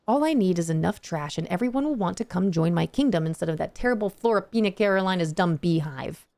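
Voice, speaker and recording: Game pixie king, male, whiny and self-pitying, slightly gravelly read by a woman in her own voice. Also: fairly low pitch, animated, fast talker, darkish tone. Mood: sulky grandiose. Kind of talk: reading game dialogue aloud.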